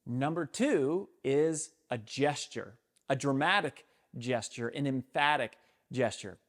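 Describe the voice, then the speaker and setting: A middle-aged man, a speaking coach, giving an energetic, emphatic talk to camera on how to open a speech. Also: medium pitch, slow. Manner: energetic, emphatic, acts out sample openings.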